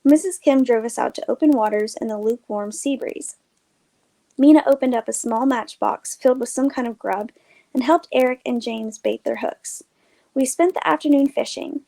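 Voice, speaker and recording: A woman's voice: high voice, creaky. Woman narrating a story, light voice. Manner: measured, expressive reading. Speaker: storyteller, host.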